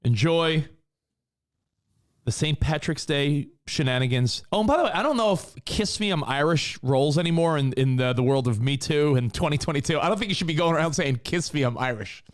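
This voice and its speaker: With a slightly high voice and a fairly quick delivery, this man co-hosts a podcast in Los Angeles. He chats casually and tells long, meandering stories with lively energy.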